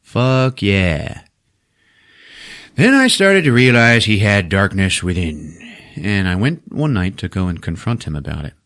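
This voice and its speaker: A man casually recapping a movie for a podcast, swearing, laughing and acting out the characters in quick voices. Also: on the low side, sing-song, fairly bright tone. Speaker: podcast host recapping a film.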